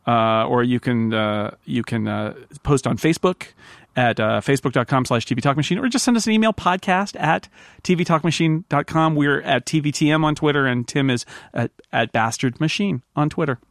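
A man in the middle of his range co-hosts a relaxed podcast, chatty and quick to laugh as he reads out listener mail. His voice is recorded close and dry, with no room around it. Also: mid-range voice, gravelly, dry recording. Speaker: podcast co-host. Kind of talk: casual podcast chat.

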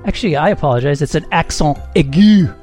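A man's voice: on the high side, expressive, quick pace, a little mellow, soft background music. A man hosting a comedy quiz game on a podcast, reading scores and answers with a wry, self-mocking manner.

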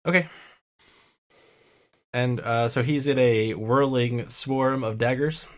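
A man's voice: mid-range voice, slow. A man running a tabletop game as game master, giving brief, matter-of-fact rulings.

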